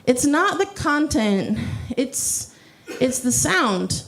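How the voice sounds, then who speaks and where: Young woman stand-up, dry self-deprecating wit, mock slam-poetry cadence, slightly higher voice. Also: sing-song, takes it slowly, a bit bright, rough recording. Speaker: stand-up comedian. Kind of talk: stand-up comedy.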